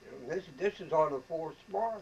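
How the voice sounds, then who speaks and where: Gravelly old man telling war stories. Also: a little high, expressive, moderate pace, muffled recording, a little hiss or hum. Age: 80s. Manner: colloquial storytelling, often acting out quoted speech. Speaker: veteran interviewee. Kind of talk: oral history interview.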